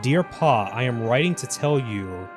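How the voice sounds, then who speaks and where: A broken, corrupted creature mumbling cryptic fragments in a low, halting voice, as a man reads it out. It sounds quieter and lower than his usual talk. Game music plays clearly behind it. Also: lively intonation, natural voice. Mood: mournful cryptic.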